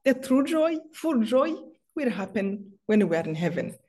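Very animated and moderately paced, a middle-aged woman from Rwanda speaks in a fairly high, darkish voice. She is a guest author on a faith interview, recounting personal stories with emotion and many restarts.

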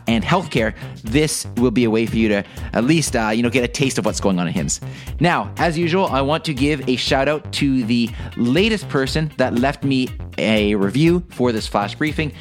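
A man hosting a daily flash briefing podcast, talking casually and upbeat, with fillers and restarts. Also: medium pitch. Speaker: podcast host.

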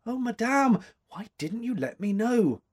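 A man's voice: on the high side, sing-song, moderate pace, breathy edge, voice pushed up, heavily acted. A man reading aloud, voicing an eager and anxious young woman sculptor.

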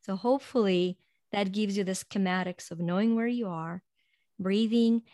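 A woman's voice: medium pitch, no room sound. Earnest woman with a dry, close sound. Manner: earnest, drops soft and slow when guiding breathing; laughs lightly between points. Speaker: guest. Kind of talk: reflective motivational talk.

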